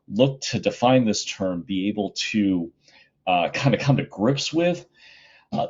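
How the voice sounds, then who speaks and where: A middle-aged male high school teacher giving a casual, chatty recorded lesson from home, with plenty of fillers. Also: darkish tone, husky, lo-fi sound.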